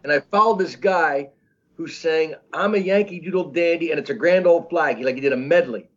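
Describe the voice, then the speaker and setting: A man in his sixties telling stories as an interview guest, rambling and halting with many restarts. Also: fairly high pitch. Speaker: comedian guest. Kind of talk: casual storytelling interview. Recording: dull lo-fi audio.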